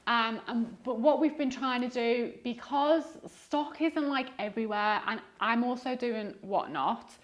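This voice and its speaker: A woman's voice: on the high side, measured pace, few pauses, lo-fi sound. A woman in her thirties with a diluted Liverpool accent, chatting casually as a guest on a podcast, rambling with fillers and restarts. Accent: diluted Liverpool (Scouse). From Liverpool, England. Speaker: guest eBay reseller.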